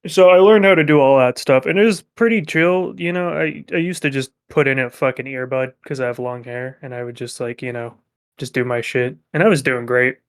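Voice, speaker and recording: A young man co-hosting a podcast, telling work stories in a profane, animated way. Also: medium pitch, fairly quick, clear, resonant tone. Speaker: podcast co-host. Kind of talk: casual chat.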